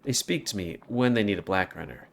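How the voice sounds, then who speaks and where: A man's voice: on the low side, expressive, fairly quick, vocal fry. A man voicing a stern male animal-person tribesman who speaks in clipped, formal, blunt sentences.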